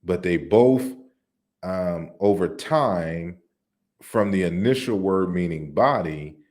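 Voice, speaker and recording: A man giving an online lecture on word forms, explaining slides deliberately with frequent restarts. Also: low voice, animated, a little mellow. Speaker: lecturer on African languages.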